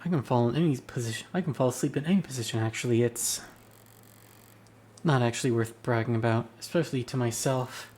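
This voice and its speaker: A man's voice: mid-range voice, fairly quick, a little mellow. Man wryly narrating a visual novel. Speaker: streamer. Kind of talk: reading a visual novel aloud.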